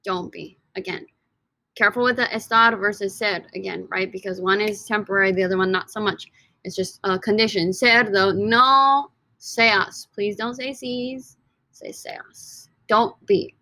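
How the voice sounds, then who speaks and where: A bright, clear-toned woman talks students through a recorded lesson in an upbeat, chatty way. She repeats each key phrase several times. The sound is close and dry, with no room echo. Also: mid-range voice, steady tone, normal speed. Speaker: Spanish teacher.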